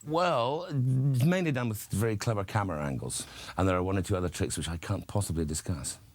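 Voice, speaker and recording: A male actor guest telling droll, animated anecdotes in an interview. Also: deep voice, quick pace, no echo.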